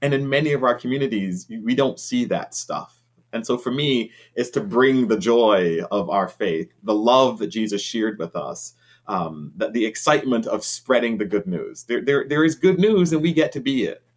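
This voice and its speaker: A man's voice: mid-range voice, lively intonation, moderate pace. A man who is a bishop, answering interview questions in an earnest, conversational way with frequent ums.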